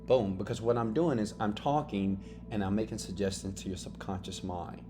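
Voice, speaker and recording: A man's voice: lowish voice, moderate pace. Emphatic man teaching over music. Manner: emphatic, peppered with "right?" and "okay?" tags. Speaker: motivational course teacher. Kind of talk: motivational self-help lesson. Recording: music playing under the voice.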